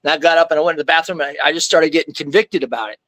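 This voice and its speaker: A man's voice: a little high, very fast, pushed and bright, no echo. A man telling his faith testimony as a guest, in a rambling, slangy way, often saying "man" and "like". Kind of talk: casual storytelling.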